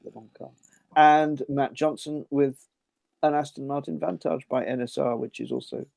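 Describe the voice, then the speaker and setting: A man with a gravelly, fry-edged voice co-hosts a relaxed podcast chat, running through results in a dry, understated manner. The sound is close and dry, with no room around it. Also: mid-range voice, moderate pace, no room sound. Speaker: podcast co-host. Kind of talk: casual chat.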